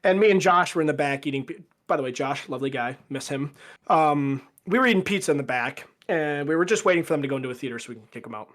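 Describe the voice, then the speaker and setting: A man's voice: fairly high pitch, expressive, fast talker, a bit bright. A young man as a podcast guest, telling a rambling story in casual chat with lots of fillers. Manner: rambling anecdote with fillers and acted quotes.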